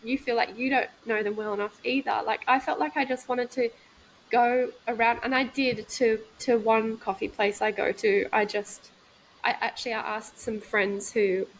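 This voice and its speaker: A woman in her thirties talking candidly in a casual podcast conversation, reflective and halting, often restarting her sentences. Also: a little high, steady tone, low-quality recording. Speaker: guest, midwife.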